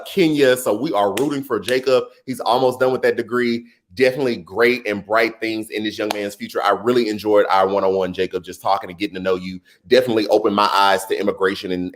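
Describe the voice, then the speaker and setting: A man's voice: mid-range voice, a bit bright. A man hosting a casual livestream, thanking viewers and joking in a playful, church-flavored way. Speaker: livestream host. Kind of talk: casual livestream chat reading comments.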